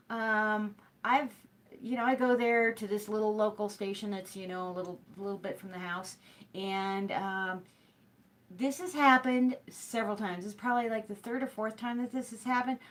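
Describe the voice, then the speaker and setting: A woman's voice: mid-range voice, a little hiss or hum. A middle-aged woman hosts a live hooping show, chatting straight to her viewers. She rambles through her stories with plenty of fillers, restarts and asides. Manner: rambling storytelling with many fillers. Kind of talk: casual chat to a live stream.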